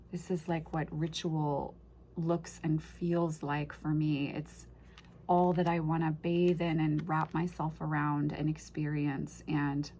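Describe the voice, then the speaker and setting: A woman's voice: sits low, dark tone, a little hiss or hum. A woman casually unboxing and reviewing an oracle deck, gushing and emotional, often trailing off and restarting her sentences.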